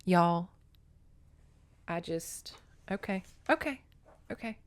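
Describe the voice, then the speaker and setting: A woman's voice: on the low side, lively intonation, slow, clear, resonant tone, dry recording. A woman hosting a podcast, giving an emotional casual recap of a novel and talking straight to her listeners. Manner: gushing and emotional, talks to listeners as y'all. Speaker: podcast host.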